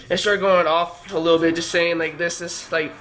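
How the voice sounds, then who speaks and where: A young man telling a story in a casual vlog, animated, swearing freely and acting out heated arguments while he sounds tired. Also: a little high, brisk. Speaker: vlogger.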